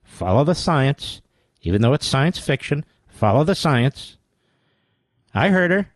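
A man's voice: a little high, very animated, unhurried, dry recording. Sarcastic, combative talk radio man. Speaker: radio talk show host. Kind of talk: political talk radio commentary.

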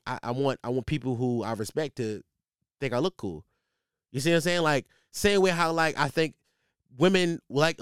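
A man's voice: on the high side, clear, resonant tone, no echo, clean studio sound. A man hosting a podcast, riffing casually and comically, rambling with lots of fillers and restarts. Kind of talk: casual comedic monologue.

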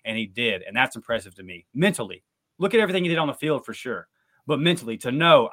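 A man's voice: sing-song, fast, fairly bright tone. Fired-up man co-hosting a sports podcast. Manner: fired up, rants with rising pitch and emphasis. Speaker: podcast co-host. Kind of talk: casual sports recap chat.

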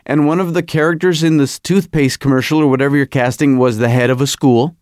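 A middle-aged man hosting a podcast, telling a comic story in a rambling, animated, self-mocking way. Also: medium pitch, a little fast, no room sound, clean studio sound. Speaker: podcast host. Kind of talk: comedic podcast monologue.

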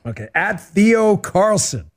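A middle-aged man hosting a radio talk show, chatting casually and answering listener questions as an animated, joking storyteller. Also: high-pitched, slow pace. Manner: animated, joking storyteller who acts out quotes.

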